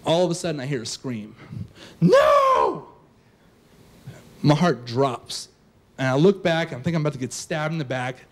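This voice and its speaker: Man, high voice, young adult, live storytelling, casual and animated, stage mic. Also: a little fast. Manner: casual, animated, lots of "like" fillers. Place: stage before a live audience.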